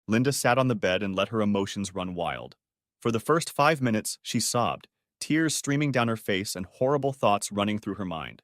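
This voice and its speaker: A man's voice: lowish voice, normal speed, no echo, studio quality. A man narrating a dramatic story as an audiobook reader. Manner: expressive storytelling.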